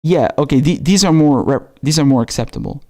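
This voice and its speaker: A man with a raspy voice hosting a live stream, talking casually and slangily with halting restarts as he reads out viewer messages. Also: fairly high pitch, warm tone. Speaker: livestream host.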